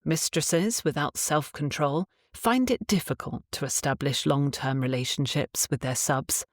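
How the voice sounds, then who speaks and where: A woman narrating an instructional audiobook in a calm, measured reading style. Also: low-pitched, no room sound, clean studio sound.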